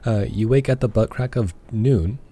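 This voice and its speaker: A man's voice: lowish voice, moderate pace, mellow. A man hosting a casual let's play, joking and reading game dialogue aloud. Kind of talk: casual gameplay commentary.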